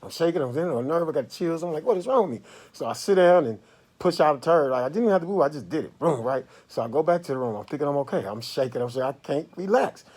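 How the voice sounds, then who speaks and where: A man vlogging from a hospital bed, telling a casual, animated story to his viewers. His voice swings from low murmurs to loud outbursts. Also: quick pace. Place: hospital room.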